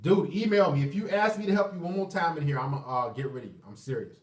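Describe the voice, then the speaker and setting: High-voiced man ranting profanely, echoey room. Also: lively intonation, fast. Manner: profane, emphatic, combative. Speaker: vlogger. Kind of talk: ranting livestream monologue. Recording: echoey room, far from mic.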